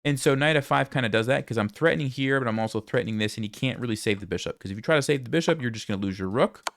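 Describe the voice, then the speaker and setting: A man reviewing one of his own chess games for viewers, thinking aloud in a relaxed, conversational way and speaking to the audience directly. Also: medium pitch, rapid-fire, vocal fry, background noise. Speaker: chess content creator reviewing his game. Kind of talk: casual game analysis commentary.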